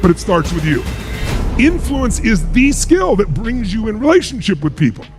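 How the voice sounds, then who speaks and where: High-pitched, animated male motivational speaker. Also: normal speed, music in the background. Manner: emphatic, rhetorical questions to the crowd. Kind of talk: motivational speech to a live audience.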